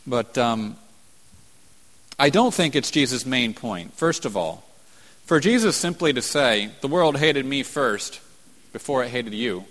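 A man's voice: medium pitch, fairly bright tone. Emphatic male preacher in a reverberant hall. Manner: explanatory, emphatic, repeats words for stress. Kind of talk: sermon.

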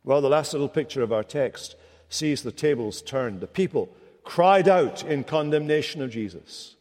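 A man's voice: mid-range voice, lively intonation, normal speed, a little mellow. A middle-aged man preaching a sermon, dramatic, rising to impassioned rhetorical questions. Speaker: pastor. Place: church sanctuary. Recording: long church reverb.

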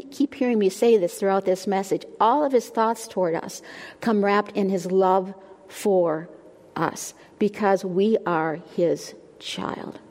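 Older woman, sermon speaker, warm self-deprecating humor, mid pitch, long hall reverb. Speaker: women's ministry speaker.

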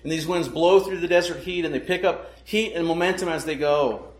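A man's voice: a little high, brisk, echoey room. A man preaching a sermon, emphatic and full of rhetorical questions to the congregation. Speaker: pastor.

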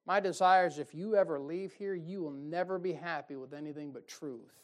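A man preaching a folksy, emphatic sermon, with sudden loud bursts and mocking quotes. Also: fairly high pitch, fairly quick. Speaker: pastor. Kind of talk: fiery sermon.

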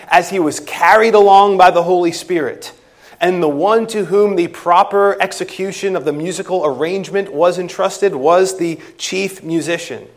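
A man preaching an expository sermon and quoting scripture, with emphatic loud stresses that drop to quiet trailing phrases. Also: a little high.

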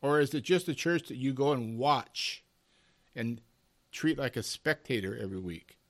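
A male preacher delivers a Bible lesson at a middle pitch. He presses his points with mounting emphasis and rapid rhetorical questions, then drops into quieter, weightier phrases, calling his hearers beloved. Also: animated. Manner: emphatic, with rising and falling intensity and rhetorical questions; addresses listeners as "beloved". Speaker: Bible teacher.

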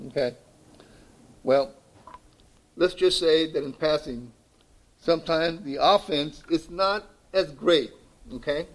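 Male pastor, slightly high voice, preaching a sermon, repeats himself for emphasis. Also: slow pace, long pauses, rough recording. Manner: repeats "okay?" to check in with listeners; repeats words while building a point.

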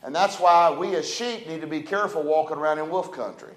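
A male pastor, preaching a folksy, dynamic sermon that swings between loud and soft. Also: on the high side, a little fast. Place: church sanctuary. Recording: echoey church room.

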